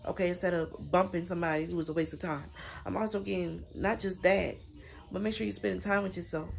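A woman's voice: fairly low pitch, fairly even intonation, quick pace, creaky. A woman giving a casual spiritual reading, chatty and affirming, speaking straight to her viewers. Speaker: tarot reader.

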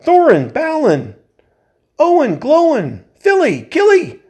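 A man voicing a timid little male hobbit burglar who squeaks thin, high cries when frightened. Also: big pitch swings, unhurried, a little mellow, slightly rough.

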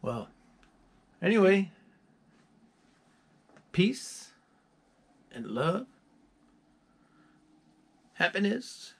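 A man's voice: medium pitch, expressive, very slow, pauses often. A musician chatting casually to his viewers, rambling through stories with chuckles. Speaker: musician presenting his album.

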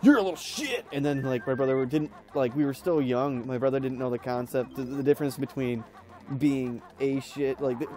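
A man's voice: mid-range voice, flat delivery, moderate pace, dark tone. A young man casually commenting while playing a video game, rambling and laughing through stories with lots of fillers. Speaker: let's play host.

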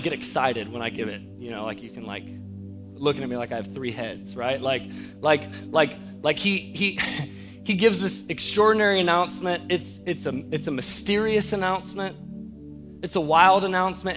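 A man's voice: high voice, a little fast, fairly bright tone, soft background music. A man preaching a youth sermon, chatty and rising to fervent preaching. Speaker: youth pastor. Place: church auditorium.

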